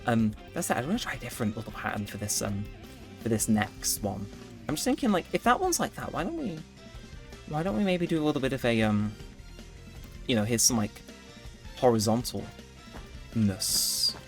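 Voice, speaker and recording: A male gaming YouTuber with a mid-range voice delivers very animated, casual gameplay commentary at a moderate pace, pausing often. He rambles and keeps correcting himself, and faint background music can be heard.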